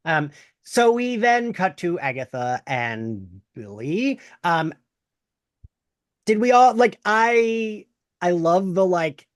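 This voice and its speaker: A man hosting a video podcast, chatting loosely and excitably about a show. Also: high-pitched, slow pace, no room sound, clean studio sound. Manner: loose, excitable, swears casually. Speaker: podcast host. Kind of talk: casual pop-culture chat. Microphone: close mic on camera, dry.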